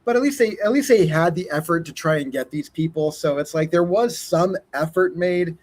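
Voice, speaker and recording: Guy kinda stammering thru a movie review, dry jokes, a bit high voiced. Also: darkish tone. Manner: halting, restarts, wry. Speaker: podcast co-host. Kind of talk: casual movie review chat.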